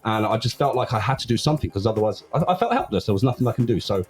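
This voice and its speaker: A man's voice: lowish voice, animated, very fast, a little hiss or hum. A man, an old friend of the host, talking candidly as a guest in a casual conversation.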